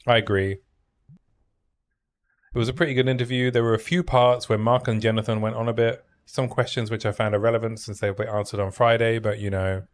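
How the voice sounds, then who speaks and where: A man with a fairly low voice chats casually through a game stream, thinking aloud and reading out item numbers as he plays. The talk is loose and conversational, with easy asides to his chat. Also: fairly even intonation, brisk. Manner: thinks aloud, chatty, reads out item stats. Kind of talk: casual gaming stream commentary.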